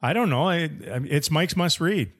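A man's voice: a little high, animated, normal speed. Playful male sports podcast host. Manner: playful, repeats words, teasing. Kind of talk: casual sports chat. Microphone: studio headphones and mic.

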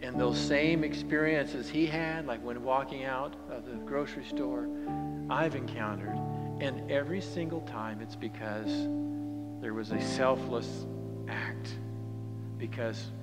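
A male pastor preaching in a church sanctuary, his voice dropping to near-whispers and then climbing into loud, ringing calls to the congregation. A long reverb trails each phrase, and guitar music plays underneath. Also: medium pitch, a little slow. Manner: swings from hushed near-whispers to loud, rising exhortation. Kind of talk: sermon.

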